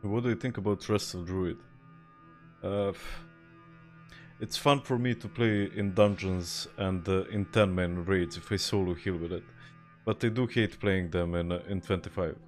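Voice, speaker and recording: A man's voice: sits low, fairly even intonation, moderate pace, soft background music. A young man from Serbia with a Serbian accent, chatting casually on a game stream, laid-back and swearing, reading and answering viewer chat. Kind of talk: casual live-stream chat while gaming.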